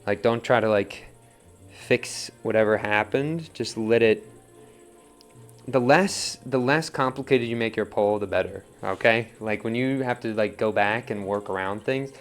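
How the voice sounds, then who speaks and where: Relaxed man coaching at the pottery wheel. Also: on the low side. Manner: relaxed, coaching, keeps asking right?. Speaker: pottery teacher. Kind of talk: casual wheel-throwing demo.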